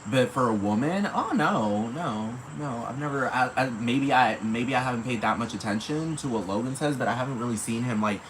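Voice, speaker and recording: A man's voice: mid-range voice, a little fast, hardly any pauses, background noise. A man hosting a solo podcast, rambling in casual, profane commentary and asking again and again whether the listener knows what he means. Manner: rambling, profane, repeats "you know what I'm talking about". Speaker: podcast host.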